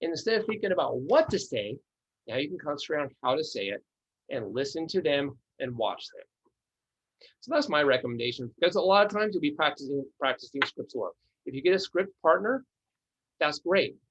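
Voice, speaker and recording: A man's voice: a little high, lively intonation, brisk, a bit bright, dull audio, a little hiss or hum. A man coaching new real estate agents in a training session, talking with energy, repeating his words and acting out dialogue.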